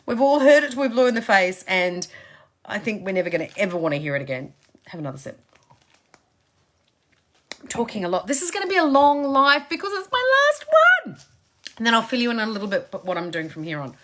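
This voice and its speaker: Woman life coach on a live stream, bright lively pitch, emphatic, casual. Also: fairly quick, pauses often. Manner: emphatic and chatty, repeats phrases for stress. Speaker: success coach. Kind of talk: motivational Facebook Live talk.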